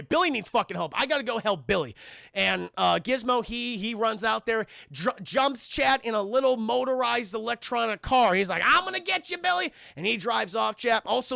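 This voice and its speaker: A man recaps a film for his live chat, lively, profane and full of acted-out bits. His voice sits high, with a bright, sharp edge. The sound is close and dry. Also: creaky, no echo. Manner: animated, profane, acts out characters. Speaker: streamer and film reviewer.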